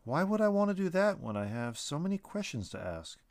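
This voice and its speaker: A man's voice: a little high, sing-song, fairly quick, creaky, no room sound, voice pushed up. Man doing an eager, questioning young man. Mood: curious.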